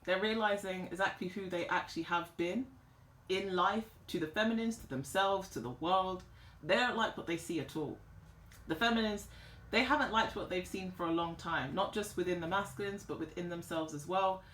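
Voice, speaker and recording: A woman giving a tarot reading in a vlog, talking in an emphatic, animated and slangy way. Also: lowish voice, moderate pace. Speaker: tarot reader. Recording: roomy echo.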